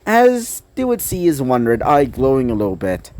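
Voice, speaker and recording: A man's voice: medium pitch, huge pitch swings, moderate pace, a little mellow. A man narrating a fan-fiction story in a rambling way, full of fillers and self-corrections.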